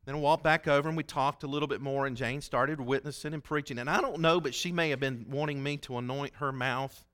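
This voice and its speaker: A man's voice: medium pitch, fairly even intonation, fairly quick, a bit bright, clear, resonant tone. A man preaching as a pastor, telling a story in a folksy, conversational way and acting out the voices he quotes. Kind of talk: sermon storytelling.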